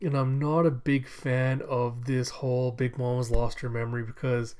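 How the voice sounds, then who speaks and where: A young man rambles through his manga chapter review, leaning on fillers and loose asides. His voice sits at an everyday middle pitch. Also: little pitch movement, normal speed, a little mellow, clear, resonant tone.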